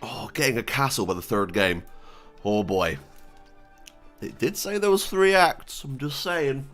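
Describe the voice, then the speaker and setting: A young man chatting casually and excitedly as a streamer, joking and giggling between wishes. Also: medium pitch, measured pace, soft background music. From Britain. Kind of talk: casual gaming chat.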